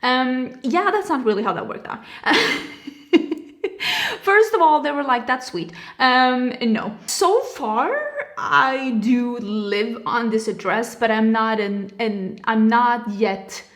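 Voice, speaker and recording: A woman's voice: fairly high pitch, animated, takes it slowly, a bit bright. A young woman from Sweden, a native Swedish speaker, chatting in a casual vlog and telling a story with sarcastic asides and mimicked dialogue, recorded indoors at home. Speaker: vlogger. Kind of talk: casual get-ready-with-me chat.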